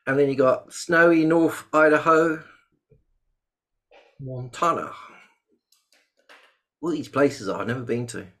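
A man's voice: mid-range voice, slow, pauses often. Host, man, jokey and chatty, video call. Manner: chatty, jokey, lively bursts of excitement. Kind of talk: casual webinar chat.

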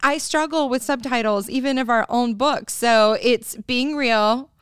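A woman's voice: a little high, unhurried, clean tone, no room sound. Bubbly woman podcast co-host. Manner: bubbly, laughs easily. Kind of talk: casual chat.

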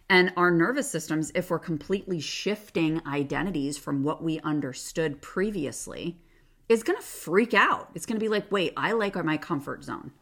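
A woman's voice: low voice, fairly bright tone. A woman hosting a self-help podcast, talking in a casual coaching way and often saying "like". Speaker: podcast host.

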